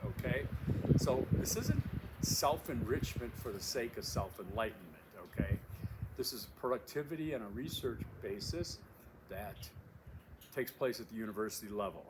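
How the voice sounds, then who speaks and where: A man with a voice on the low side introduces the class he instructs in a casual video recorded at a windy outdoor overlook. He speaks with emphasis, repeats his key phrases and fills his speech with fillers, while wind noise sounds in the background.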